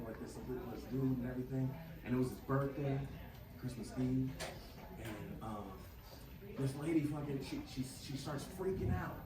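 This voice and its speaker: A man doing stand-up, telling a wild profane story and acting out shrieking characters. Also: medium pitch. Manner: animated, loud, profane, acts out shrieking characters. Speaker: stand-up comedian. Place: comedy club stage. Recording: roomy club from a distance with crowd. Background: audience laughter.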